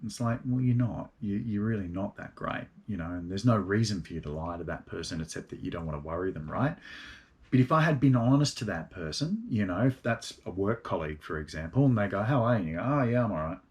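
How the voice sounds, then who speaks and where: A middle-aged man with a fairly low voice talks about gratitude the way a yoga teacher would. His delivery is relaxed and meandering, and it drifts through plenty of ums and uhs. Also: fairly quick. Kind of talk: casual spoken talk on gratitude.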